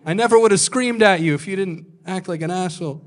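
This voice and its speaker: A man doing stand-up at a comedy club, telling a long story in a deadpan way and acting out what people said. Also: high-pitched, quick pace. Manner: deadpan delivery with acted-out quotes.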